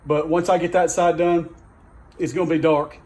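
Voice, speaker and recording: A man's voice: a little high, little pitch movement, moderate pace, darkish tone. Cussing Southern guy ranting in his garage. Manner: profane, rambling, exasperated. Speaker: DIY truck vlogger. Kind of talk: casual workshop vlog rant. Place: home garage.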